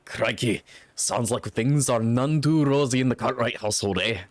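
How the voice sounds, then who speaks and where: A man's voice: medium pitch, normal speed, slight background noise, lightly acted. Drippy, a man doing a chatty fairy sidekick. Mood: chummy. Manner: chummy, slangy, rambling. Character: cheeky chatty little male fairy sidekick.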